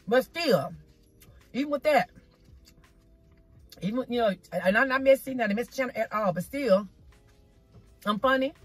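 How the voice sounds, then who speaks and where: A vlogger eats on camera outdoors in a parking spot, talking to her viewers in a casual mukbang filmed with her phone. Her voice is on the high side and slightly rough, a little slow, with frequent pauses, no room sound, and faint music behind. She's chatty and folksy, peppering her talk with "y'all" and "child."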